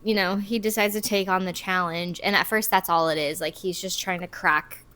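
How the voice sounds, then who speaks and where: A woman in her thirties with a lowish voice and a sharp tone co-hosts a podcast, speaking at normal speed with fairly even intonation. In a casual movie recap, she giggles and trails off mid-sentence.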